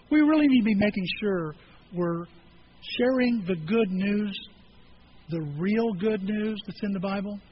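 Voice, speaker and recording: A pastor preaching a sermon and telling stories, acting out conversations with different voices. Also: male voice, high-pitched, dull audio, a little hiss or hum. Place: church.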